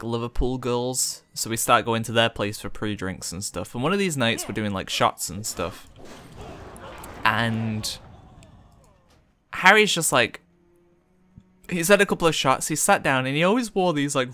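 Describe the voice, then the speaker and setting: Chatty young man, forceful voice. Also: medium pitch. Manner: rambling, chatty, many fillers. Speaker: streamer. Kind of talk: casual storytelling while gaming.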